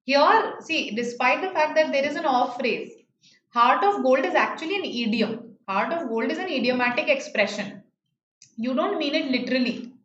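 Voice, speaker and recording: A fairly high-voiced teacher with an Indian English accent gives an online grammar lesson at normal speed, sounding animated and a bit bright. Patient throughout, she repeats important phrases and keeps asking "right?", while a faint hiss sits under slightly muffled, roomy sound.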